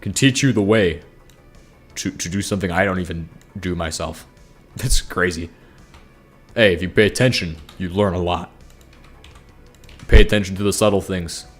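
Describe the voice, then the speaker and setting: A man's voice: moderate pace, long pauses, faint music behind. A young man chatting casually over his gameplay, rambling loosely. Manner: rambling, bursts into high-pitched angry yelling. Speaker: gaming streamer.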